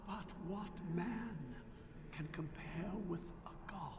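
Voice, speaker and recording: A slow, high, brooding ghost general. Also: male voice, noisy background. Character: brooding ghostly male general, bitter and jealous. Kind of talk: game voice acting.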